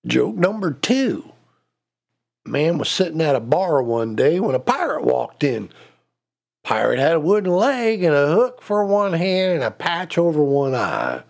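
A man telling folksy jokes in a drawn-out, deliberate storytelling manner. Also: fairly high pitch, huge pitch swings, creaky. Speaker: joke teller.

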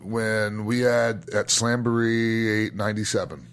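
A middle-aged man with a lowish voice, reminiscing in loose, casual podcast talk. He is enthusiastic and swears freely, often trailing off and starting his sentences over. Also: fairly even intonation, unhurried, a bit bright. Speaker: podcast host and former wrestler. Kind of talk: casual storytelling chat.

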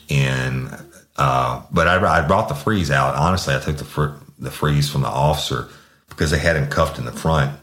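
A man's voice: a bass voice, fairly bright tone, roomy sound. A man hosting a true-crime podcast, telling a story from his police career in a blunt, profane way. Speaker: podcast host, former officer.

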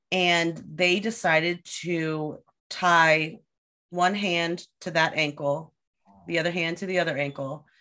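A woman guest on a podcast, casually telling a story with lively delivery and acted-out quotes. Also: lowish voice. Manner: lively storyteller who acts out quoted voices.

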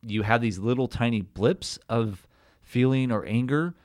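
A man's voice: medium pitch, a little slow, darkish tone, no room sound, clean studio sound. A man hosting a podcast in an encouraging way, summing up his guest's points and acting out quotes with animation. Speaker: podcast host. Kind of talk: casual podcast conversation.

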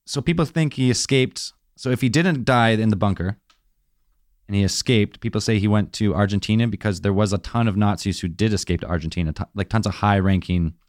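A man with a fairly low voice in a casual podcast chat. He asks questions and lays out theories step by step. The sound is dry and close to the mic. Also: fairly quick, no echo. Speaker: podcast co-host.

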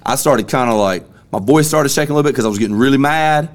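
A man's voice: mid-range voice, quick pace. A man, hosting a casual podcast and telling a story bluntly. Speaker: podcast host.

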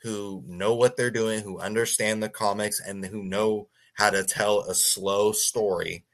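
A man's voice: lowish voice, fairly even intonation, measured pace. A man co-hosting a casual review chat, often stammering and repeating his words. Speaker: co-host.

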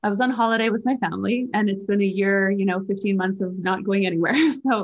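Woman, podcast co-host, coach, casual chat, animated, chatty, mid-range voice. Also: medium pitch, quick pace, muffled recording. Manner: animated, chatty, swears freely. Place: lives in Germany.

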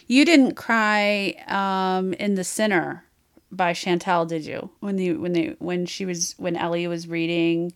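A woman's voice: lowish voice, steady tone, a little slow, smooth. A woman co-hosting a podcast in casual chat, giggly and gushing, openly emotional as she talks. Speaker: podcast co-host.

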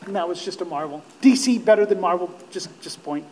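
A man preaching a sermon, impassioned, swelling to near-shouts on quoted cries of despair. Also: high-pitched, fast talker, hardly any pauses, rough recording.

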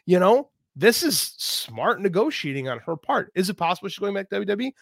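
A man's voice: high voice, sing-song, quick pace, gravelly, hardly any pauses, no room sound, studio quality. A man co-hosting a podcast, giving emphatic, ranting opinions in casual talk. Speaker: podcast co-host.

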